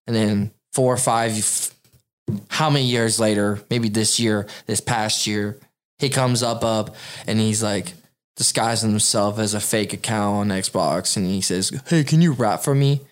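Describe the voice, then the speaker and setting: A man's voice: lowish voice, steady tone, measured pace. A man ranting on a casual podcast, boastful and heavy on the swearing. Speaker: podcast co-host. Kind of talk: casual profane podcast chat.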